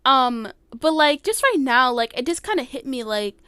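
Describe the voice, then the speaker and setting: A teenage girl hosts her own podcast from her bedroom, her voice high, smooth and clear. She rambles with plenty of fillers and lets her feelings show. The sound is dry and close, with no room echo. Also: very animated, moderate pace, pushed and bright. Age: late teens. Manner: rambling, filler-heavy, emotional. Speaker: podcast host. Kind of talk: casual solo podcast chat.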